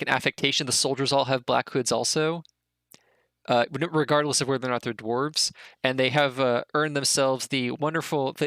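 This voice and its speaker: A man's voice: medium pitch, a bit bright, no echo. A man narrating as game master of a tabletop game, rambling with many restarts and fillers.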